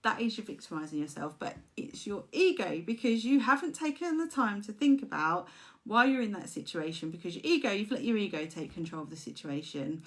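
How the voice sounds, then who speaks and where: A woman life coach talks casually to camera in a mid-pitched voice. She is chatty and acts out examples in little voices as she explains.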